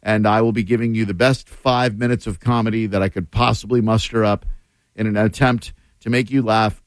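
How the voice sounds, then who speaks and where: A man's voice: on the low side, dry recording. Joking man, radio host, casual banter, close dry mic. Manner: joking, animated, quick impressions. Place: radio broadcast booth at a theme park.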